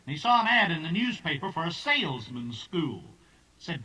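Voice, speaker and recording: A man's voice: a little high, big pitch swings, moderate pace, sharp tone. A man telling folksy jokes on stage, drawling through long stories and slipping into character voices. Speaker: stand-up comedian. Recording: distant, old tape transfer.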